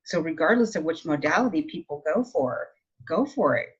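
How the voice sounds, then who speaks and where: A woman hosts a casual interview in a low, husky voice. She sounds enthusiastic and reflective. The recording is dull and lo-fi. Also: lively intonation, moderate pace. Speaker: interview host.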